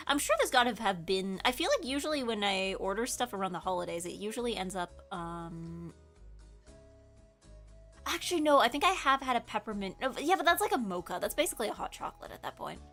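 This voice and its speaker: A woman's voice: mid-range voice, sing-song, fairly quick, a bit bright. Woman, streamer, casual chat, rambling, filler-heavy, self-correcting, faint music behind.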